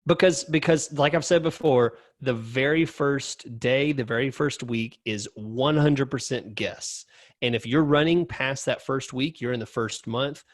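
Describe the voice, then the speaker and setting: A man's voice: mid-range voice, measured pace, no room sound. A man co-hosting a podcast, speaking casually and emphatically with many fillers and repeated starts. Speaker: podcast co-host.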